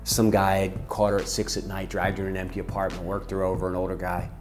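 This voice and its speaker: A man's voice: low-pitched, monotone, fast talker, over music. A middle-aged man telling a personal story from his ministry work, intense and impassioned, acting out the people in it.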